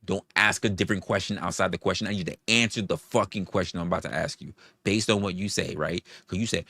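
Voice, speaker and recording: A man hosting a live stream, ranting and arguing with chat, swearing often, firing off rhetorical questions and shouting out donors. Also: low voice, fast, creaky, dry recording, clean studio sound. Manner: profane, argumentative, fires rhetorical questions; reads out and thanks viewer donations. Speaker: livestream host. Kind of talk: live-stream commentary and rant.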